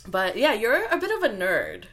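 A young woman with a West Coast Canadian accent hosts a casual conversation, her pitch swinging widely as she jokes around and asks questions. Her voice sits in the middle range for a woman. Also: moderate pace. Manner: playful, animated questioning. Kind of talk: casual chat.

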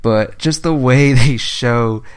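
A man's voice: medium pitch, slow pace, clean tone. A young man chatting casually, telling a story with lots of swearing and animation. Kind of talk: casual chat.

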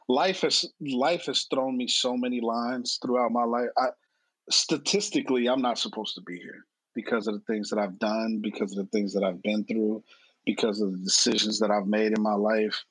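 A man's voice: lowish voice, a bit bright, husky, no echo, low-quality recording. Earnest man in his late thirties. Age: late 30s. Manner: earnest, repeats himself, blunt with swearing. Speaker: guest. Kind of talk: candid personal storytelling.

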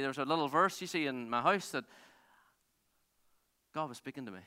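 A man preaching a sermon as pastor, telling stories in an animated way with many restarts. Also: fairly high pitch, fairly quick, pauses often, clean tone. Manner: animated storytelling, self-interrupting with restarts and laughs. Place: large theatre used as a church. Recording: long hall reverb.

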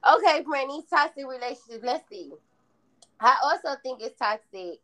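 A woman in casual chat with a friend, blunt and animated, acting out the lines she quotes. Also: high-pitched, normal speed.

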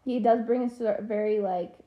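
A woman's voice: on the high side, steady tone, moderate pace, dull audio. A young woman in her twenties from Kentucky, co-hosting a podcast in chatty, candid talk with frequent laughter. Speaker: podcast co-host. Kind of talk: casual chat.

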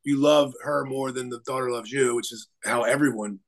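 A man's voice: mid-range voice, steady tone, normal speed, poor audio. A male attorney talking as a guest in an interview, telling his story in an earnest, rambling way. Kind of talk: conversational interview.

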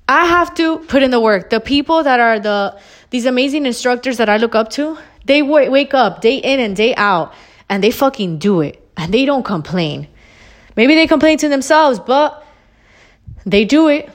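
A woman with a high, animated voice speaks at normal speed while hosting her own podcast. In a solo motivational rant about wellness, she's blunt and emphatic, swears freely, repeats her points and sounds a little out of breath.

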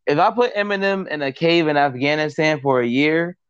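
A man's voice: a little high, fairly quick, smooth, dry recording. Blunt slangy man on a dull mic. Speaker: podcast co-host. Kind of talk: casual debate chat.

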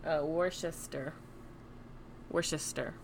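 A woman's voice: deep voice, steady tone, slow pace, gravelly, slight background noise. A woman co-hosting a podcast in casual chat, dry and blunt, swearing freely. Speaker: podcast co-host.

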